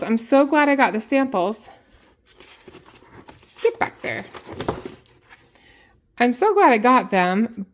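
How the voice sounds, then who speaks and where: Lively higher-voiced woman giving business tips. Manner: lively, exasperated, emphatic. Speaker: small business owner. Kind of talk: casual advice vlog.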